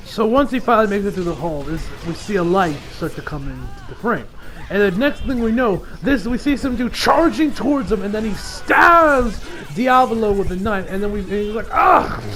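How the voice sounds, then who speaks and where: A man's voice: sits high, expressive, moderate pace, fairly bright tone, soft background music. A man giving a casual, rambling episode recap as an anime reviewer, full of fillers and laughs.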